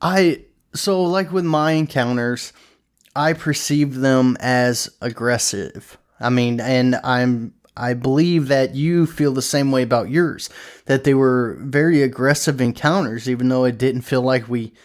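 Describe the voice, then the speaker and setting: A man of medium pitch hosts a casual podcast interview. He talks in a relaxed, easygoing way and reassures his guest. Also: unhurried. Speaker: podcast host.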